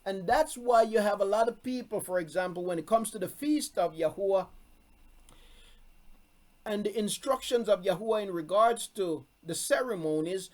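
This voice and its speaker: A man's voice: sits high, normal speed, darkish tone. A man teaching from scripture to a streamed congregation, reading verses aloud and repeating his key points with emphasis. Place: room, streamed on video call.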